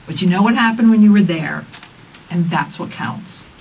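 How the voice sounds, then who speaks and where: A woman's voice: lowish voice, expressive, normal speed, darkish tone. A woman police detective bluntly dismissing a suspect's story during an interrogation, without cursing. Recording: distant mic in a noisy interrogation room.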